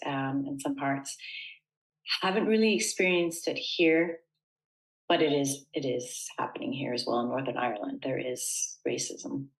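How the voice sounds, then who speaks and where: A woman with a notably low voice talks as a guest in a casual interview. She is from the United States and speaks earnestly and thoughtfully, often pausing on fillers as she gathers her thoughts. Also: rough recording.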